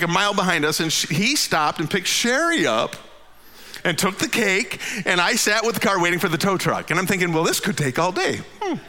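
Animated man in his fifties telling a story. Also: big-room sound, slight background noise. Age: 50s. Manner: animated, jumps high in pitch at the funny parts; drops low and quiet for tired asides. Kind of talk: personal storytelling to an audience.

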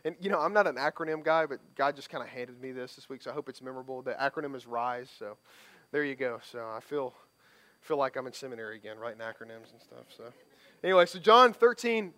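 A man's voice: medium pitch, animated, fast, pushed and bright. A male pastor preaching a sermon in a casual, conversational way, often checking in with the congregation and restarting his phrases. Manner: conversational, tag questions, repeated restarts.

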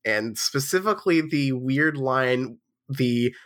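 Nasal guy with the flu, podcast chat, voice jumps up and down a lot, swears casually. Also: slow. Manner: wry, sweary, lively pitch swings. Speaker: podcast co-host.

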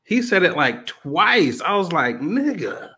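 Animated man, slangy and profane. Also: on the high side, a little slow, husky. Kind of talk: casual chat about a music event.

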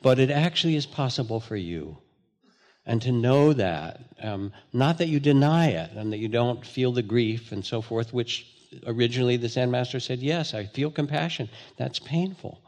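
An older man, a meditation teacher, gives a dharma talk in a gentle storytelling manner with fillers and restarts. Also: medium pitch, expressive, normal speed. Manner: storytelling, gentle, with filler words and self-corrections. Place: meditation hall with a live audience.

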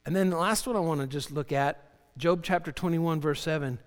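A male pastor delivering a sermon, moving between loud, dramatic readings and quiet, low emphasis. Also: fairly quick, clean tone, in a large hall. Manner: animated preaching, voicing Job's cries with rising pitch and dropping low for emphasis.

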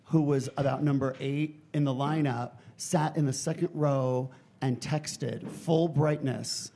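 A man judging at a live comedy show in a club, wry and measured, telling stories and giving notes. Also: mid-range voice, fairly even intonation, creaky, warm tone.

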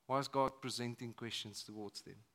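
A man preaching a sermon at a church service, moving between loud emphatic lines and hushed ones. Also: medium pitch, fairly even intonation, moderate pace. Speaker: pastor.

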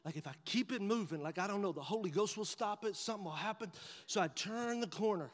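A man preaching in a church sanctuary, his fairly high voice carrying a long reverb from the big hall. He tells a funny story with animated energy and drops to a hush whenever he voices his own thoughts. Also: fast talker. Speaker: pastor. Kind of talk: sermon with humorous storytelling.

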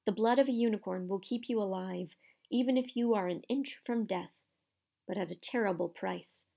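A woman's voice: medium pitch, gravelly, warm tone. Firenze, a woman reading a solemn young centaur. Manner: solemn, measured. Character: young grave male centaur, calm and wise.

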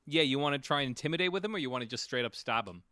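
A man's voice: mid-range voice, lively intonation, very fast, bright, forceful tone. A man running a tabletop game as game master, narrating casually with fillers and swearing. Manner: rambling, profane, many fillers.

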